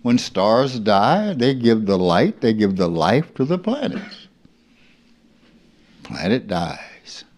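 Older man in his seventies, from rural Mississippi, spiritual teacher, low voice, unhurried, earnest and reflective. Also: big pitch swings, darkish tone. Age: 70s. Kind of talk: unscripted spiritual talk.

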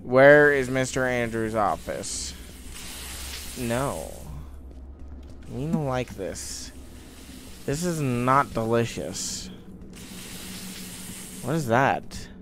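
A young man talks his way through a horror game at a very slow, drawn-out pace. His pitch swings widely as he mutters to himself and breaks into startled outbursts. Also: expressive, background noise. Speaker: gaming YouTuber.

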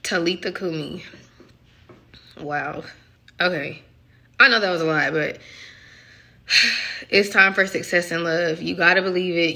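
A woman's voice: on the low side, sharp tone. A young woman giving a casual, emotional spiritual message reading as a love coach. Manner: emotional, musing, conversational.

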